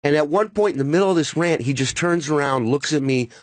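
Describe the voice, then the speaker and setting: A man who is a stand-up comedian, telling an animated story in casual chat. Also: fairly high pitch, quick pace, no echo. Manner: animated storyteller with many quoted voices.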